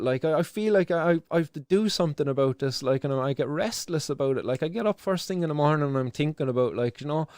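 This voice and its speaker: A man's voice: a little high, a little mellow, smooth, no room sound, studio quality. An Irish man hosting a live news show, giving impassioned, emotional commentary, swearing freely and repeating himself as he presses his point.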